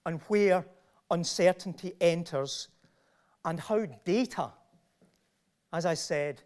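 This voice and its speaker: A middle-aged professor with a Glasgow Scottish accent gives a public lecture in a high voice with a darkish tone. His delivery is emphatic and packed with rhetorical questions.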